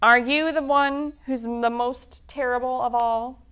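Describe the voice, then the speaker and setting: A woman's voice: fairly high pitch, steady tone, a little slow, fairly bright tone, clean tone. A woman doing a boastful slimy monster.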